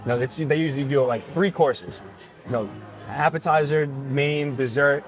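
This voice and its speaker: A man co-hosting a podcast in casual chat, chatty with quick agreeing interjections. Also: mid-range voice, faint music behind. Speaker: podcast co-host.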